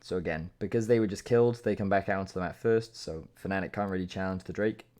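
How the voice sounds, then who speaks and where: A man's voice: sits low, darkish tone. A man reviewing a video game match as an esports analyst, explaining plays in a casual way. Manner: explanatory, casual, breaks into quick impressions.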